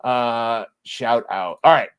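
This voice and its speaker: A man's voice: mid-range voice, takes it slowly, slight background noise. A man co-hosting a podcast in casual chat, profane, rambling and sarcastic. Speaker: podcast co-host.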